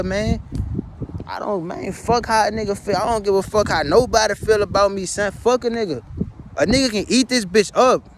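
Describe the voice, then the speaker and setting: A man's voice: high-pitched, background noise. A man talking straight to the camera in an emotional personal vlog, pleading and repeating himself, blunt and profane. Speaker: vlogger.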